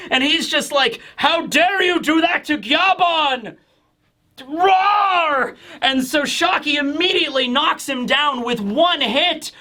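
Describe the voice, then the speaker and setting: A man giving a casual, animated manga chapter review, laughing often and acting out characters. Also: very high voice.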